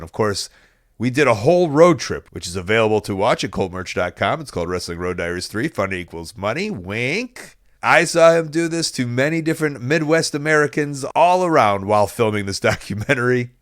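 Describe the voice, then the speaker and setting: A man's voice: mid-range voice, dry recording. Joking man hosting a podcast, dry sound. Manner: joking, animated asides. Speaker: podcast host. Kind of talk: podcast commentary.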